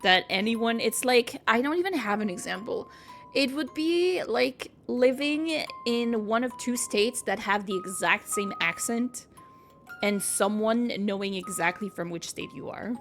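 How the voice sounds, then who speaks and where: A woman's voice: a little high, unhurried, faint music behind. Chatty woman. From Quebec, Canada. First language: French. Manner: animated, laughing, chatty. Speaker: streamer. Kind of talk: casual chat over gameplay.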